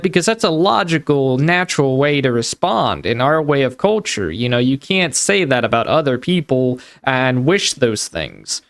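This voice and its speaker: Casting: a man narrating commentary, smooth voice, dry close recording. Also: mid-range voice, expressive, moderate pace, hardly any pauses, fairly bright tone, no room sound. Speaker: commentary channel host. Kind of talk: commentary voice-over.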